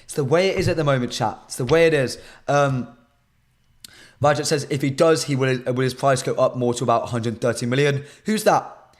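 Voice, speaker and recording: A man presents a live football stream in a hoarse, worn-out voice of medium pitch, speaking a little fast. He chats casually with his viewers and keeps repeating himself.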